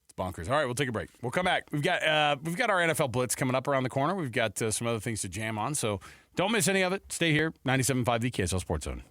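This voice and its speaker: Joking, bright-voiced male radio host. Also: mid-range voice, sing-song, rapid-fire, no echo, clean studio sound. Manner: joking, playful, does voices. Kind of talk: casual sports talk radio. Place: radio studio.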